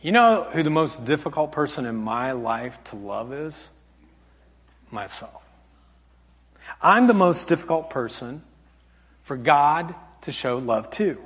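A man preaching a sermon as pastor, telling a family story with animated swings from loud acted quotes to hushed, soft tones. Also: a little high, takes it slowly, pauses often, big-room sound. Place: church hall.

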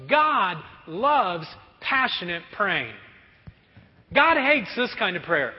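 A pastor preaching a sermon in a conversational, animated way. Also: male voice, high-pitched, takes it slowly. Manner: animated, conversational, acts out prayers. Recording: dull recording with long hall reverb.

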